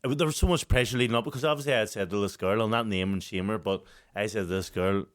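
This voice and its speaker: A man's voice: on the low side, rapid-fire. A Northern Irish man in his thirties, a podcast co-host telling a story in casual chat, swearing a lot and breaking into laughter. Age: 30s. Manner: profane, animated, laughs often while telling a story.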